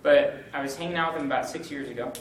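A man's voice: on the high side, racing, recorded from a distance. Upbeat young man teaching a group, roomy sound. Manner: upbeat, joking, animated. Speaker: campus ministry speaker. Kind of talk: informal teaching talk. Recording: roomy, from the mic, faint hum.

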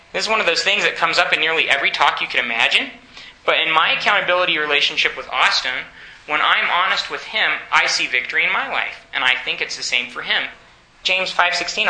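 A man's voice: on the high side, sharp tone, roomy sound, rough recording. A man preaching a sermon in an earnest, exhorting way, often putting questions to his listeners.

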